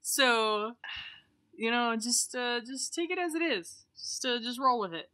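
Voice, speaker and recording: Bright, teasing young woman co-host. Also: fairly high pitch, lively intonation. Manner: playful, teasing, quick to laugh. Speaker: podcast co-host. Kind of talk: casual chat.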